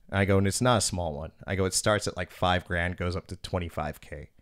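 A young man hosting a casual chat, telling stories with lots of swearing and lively acted-out quotes. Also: low-pitched, brisk. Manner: profane, animated storyteller. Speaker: podcast host.

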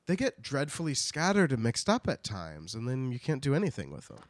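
A man's voice: mid-range voice, brisk, no room sound, clean studio sound. A man co-hosting a podcast, retelling a book in casual chat and acting out characters. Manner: animated, acts out characters. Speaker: podcast co-host.

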